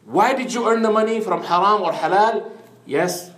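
A man's voice: high-pitched, lively intonation, normal speed, a bit bright, echoey room. A man preaching an Islamic sermon in an earnest storytelling manner, mixing in Arabic phrases.

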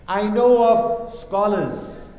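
A man preaching a sermon in a high, ringing voice. He speaks with emphasis and repeats his key lines for weight. The sound fills a large mosque hall with long, heavy reverb. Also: drawn-out words, dark tone. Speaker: imam. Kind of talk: Friday sermon.

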